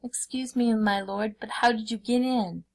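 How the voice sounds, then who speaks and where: A woman's voice: fairly high pitch, steady tone, moderate pace, voice pushed up, lightly acted. A woman reading a story aloud, voicing a sly male jackal who acts confused and fussy. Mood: feigned confusion. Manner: dithering, exaggeratedly puzzled.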